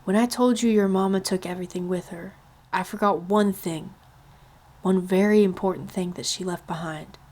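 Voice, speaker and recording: A woman voicing a grieving preacher father in a read-aloud storybook, speaking slow and soft. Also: fairly low pitch, natural voice. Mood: gentle.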